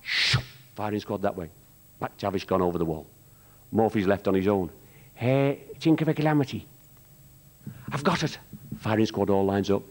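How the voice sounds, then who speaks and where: A man telling rambling stand-up jokes on a theatre stage, pausing with ums and jumping into shouted character voices. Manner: rambling, hesitant, full of ums between jokes; jumps into high shouted character voices for punchlines. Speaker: stand-up comic at a charity show.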